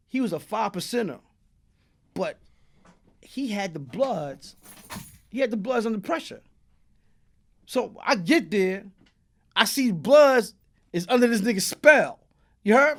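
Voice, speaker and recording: A high, creaky male voice belongs to a Brooklyn man with a New York accent, a guest in an interview spinning a long, profane street story. He's streetwise and foul-mouthed, tossing in tag questions like "you heard?" as he tells it casually.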